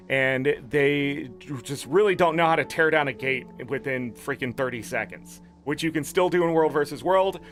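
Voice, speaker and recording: A man's voice: a little high, a bit bright. A man giving blunt, opinionated commentary on game patch notes as a gaming content creator, swearing freely.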